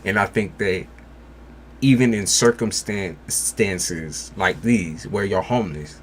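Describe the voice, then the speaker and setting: Blunt male tarot reader, low voice, faint background hiss. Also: slow. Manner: blunt, casual, reassuring. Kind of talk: live-stream tarot reading.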